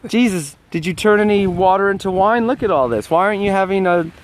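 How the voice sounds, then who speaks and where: A man's voice: high-pitched, a little fast. A man with a New York accent hosting a casual live stream from his phone, outdoors on a snowy street, joking with viewers and cold. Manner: joking, chatty, talking to viewers while walking in snow. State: cold, freezing. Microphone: phone held in hand.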